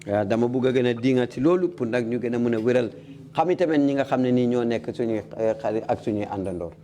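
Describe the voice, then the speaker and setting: A man interpreting live at a hearing, quick and filling gaps with "eh". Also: medium pitch, warm tone. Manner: quick, with many "eh" fillers. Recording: faint background noise.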